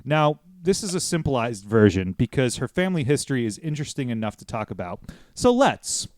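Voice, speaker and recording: Rambling, joking American podcast host. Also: male voice, medium pitch, sing-song, a little fast, a little mellow, no echo. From United States. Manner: rambling, joking, swears casually. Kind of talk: casual podcast chat.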